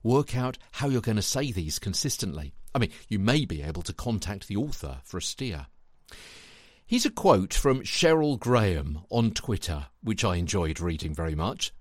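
A man hosting a spoken tutorial podcast, chatty and animated, talking straight to the listener. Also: low voice, no echo, clean studio sound. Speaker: podcast host and voice coach.

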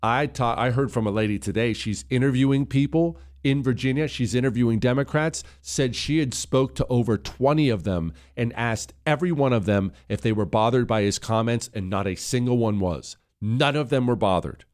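A man hosting a political talk radio show, combative and sarcastic, rising to loud emphatic stretches. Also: mid-range voice, moderate pace, few pauses. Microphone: studio microphone.

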